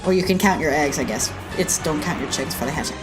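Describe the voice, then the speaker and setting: A woman's voice: sits low, fast talker, over loud music, poor audio. A woman hosting a reaction video, giving casual, sarcastic commentary with frequent giggles.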